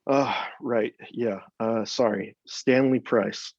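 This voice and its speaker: Guy doing a twitchy american horror writer, rambling, mid pitched, kinda muffled dry audio. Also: fairly even intonation, slow pace, darkish tone, dry recording. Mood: flustered. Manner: jittery, rambling, says "man" a lot. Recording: dull, dry, lo-fi sound.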